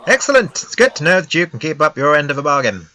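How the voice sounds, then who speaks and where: A man voicing a scheming male alien fixer from a space game, in a smooth, wheedling dealmaker tone. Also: fairly high pitch, big pitch swings, quick pace, pushed and bright.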